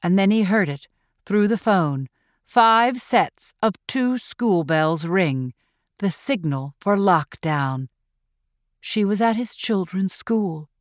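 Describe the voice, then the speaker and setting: A woman reading thriller narration in a measured, tense storytelling voice. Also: medium pitch, no room sound, studio quality. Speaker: audiobook narrator.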